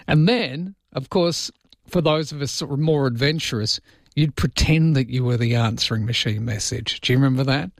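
An Australian man talks through his morning radio show in a relaxed, joking way. His voice sits at an ordinary middle pitch, recorded close and dry with no room sound. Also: moderate pace, vocal fry, no room sound. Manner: chatty, joking, dips into mock voices. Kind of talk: casual morning radio chat.

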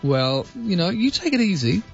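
A middle-aged man with an Australian accent, hosting a casual talk radio show, jokey and animated. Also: high-pitched, normal speed, gravelly, slightly rough, muffled recording, faint music behind. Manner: jokey, animated, puts on voices. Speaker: radio host.

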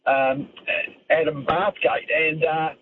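A man calls a radio show and tells a rambling tale. His voice sits high, and the phone line is thin and noisy. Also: fairly even intonation, takes it slowly. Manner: rambling storyteller. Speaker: caller. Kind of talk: talkback call.

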